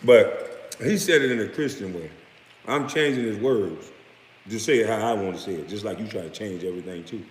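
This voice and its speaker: A man's voice: on the low side, a little fast. A man in his late thirties, a former pro basketball player, ranting in a heated, profane, mocking way. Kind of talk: profane rant. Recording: echoey room with long reverb, faint noise.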